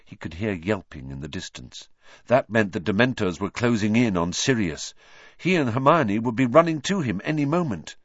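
A man reading a fantasy novel aloud as an audiobook narrator, expressive and given to dramatic pauses. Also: on the low side, no echo, dull audio.

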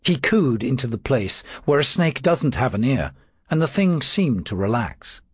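A man narrating an audiobook in the first person, wry and expressive. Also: mid-range voice, measured pace, husky, no echo, clean studio sound.

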